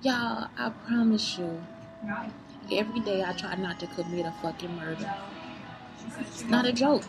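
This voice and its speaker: A woman's voice: medium pitch, normal speed, low-quality recording. Heated woman venting with music behind. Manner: heated, profane, keeps asking "you see what I'm saying?"; rambling, circling back on herself. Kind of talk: unscripted venting monologue.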